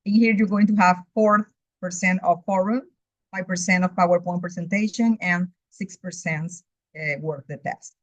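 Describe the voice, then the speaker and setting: Speaking at a moderate pace in a lowish voice, a Spanish-speaking woman who teaches English works methodically through a course outline for a recorded overview. The sound is dry, dull, and lo-fi.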